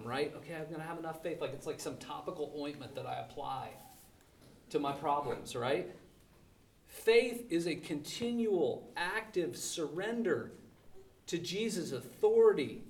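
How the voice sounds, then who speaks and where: A man's voice: a little high, a little mellow, echoey room, far from the mic, slight background noise. A male pastor preaching a sermon in an emphatic, conversational way, full of rhetorical questions.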